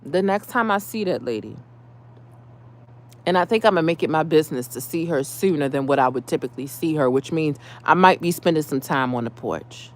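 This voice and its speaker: A woman ranting in a casual vlog, heated and profane, dropping to low mutters and rising to loud outbursts. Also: lively intonation, brisk. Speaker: vlogger.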